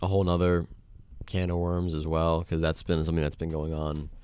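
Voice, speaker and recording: A man's voice: very deep voice, flat delivery, a little fast, darkish tone, smooth, no echo. A young man co-hosting a casual sports podcast, laid-back and tossing in short quips.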